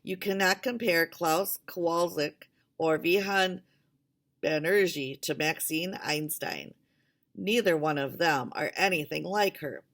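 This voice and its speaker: A woman reading the lines of a cool, defiant male scientist, with measured, clipped replies. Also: on the low side, a bit bright.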